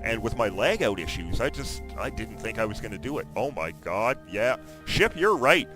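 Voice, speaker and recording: A man giving chatty, excitable commentary on his own video game session, breaking into loud exclamations now and then. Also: fairly low pitch, normal speed. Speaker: gaming video host. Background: background music.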